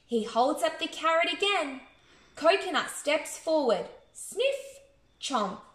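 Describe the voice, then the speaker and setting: Australian woman, expressive bedtime storyteller, high and lively, roomy sound. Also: measured pace. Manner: expressive, sing-song, with sound effects. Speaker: children's storyteller. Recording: echoey room.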